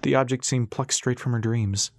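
A man narrating an adventure story in a steady, expressive audiobook style. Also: medium pitch, moderate pace, dry recording.

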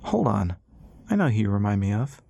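A man's voice: on the low side, big pitch swings, brisk, vocal fry, dark tone, slightly rough, no echo, exaggerated voice. A man voicing Elias, an earnest, adventurous father who flies airships, in a storybook reading. He reads with plain emotion.

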